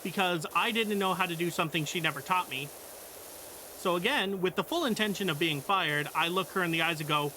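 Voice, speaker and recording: A man's voice: high voice, a little fast, bright, forceful tone, a little hiss or hum. A young man streaming, telling a work story in a blunt, profane, exasperated way. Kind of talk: casual storytelling.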